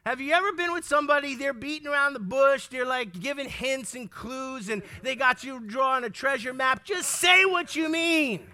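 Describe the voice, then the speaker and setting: A male preacher with a very high voice that rings bright and tense. He preaches emphatically, throws questions at his listeners and hammers key lines home again. When he gets going he trips over his words and starts them again. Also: moderate pace, hardly any pauses, smooth. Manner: stumbles and restarts words when worked up. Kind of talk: sermon.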